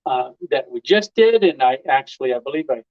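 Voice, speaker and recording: A man's voice: medium pitch, animated, a little fast, highs cut off. A middle-aged man hosting a casual live stream, telling rambling stories full of "uh" and chuckles. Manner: rambling storyteller, lots of "uh" and chuckles.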